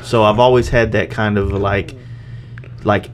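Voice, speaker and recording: Host: man, low pitch, loose easygoing delivery with casual swearing, faint ambience behind. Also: little pitch movement, unhurried, a little hiss or hum. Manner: laid-back, talks in loose restarts, swears casually. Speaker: podcast host. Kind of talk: casual podcast chat.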